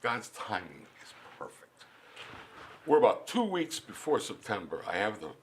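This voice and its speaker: A man with a fairly low voice tells a personal faith story in a studio interview. His pitch rises and falls widely as he speaks, and he often repeats words as he restarts his sentences. He sounds animated and earnest throughout. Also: moderate pace, a little hiss or hum. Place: recording studio.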